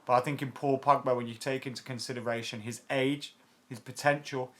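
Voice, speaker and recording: Hosting a football fan channel, a man in his late twenties replies to viewer comments in a chatty, blunt manner, using lots of fillers and some swearing. His medium-pitched voice is steady, fairly quick, and a little bright.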